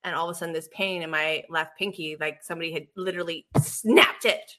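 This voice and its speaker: A woman co-hosting a casual spiritual chat, telling stories with lively swings between loud and soft. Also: on the low side, quick pace. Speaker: co-host, animal communicator.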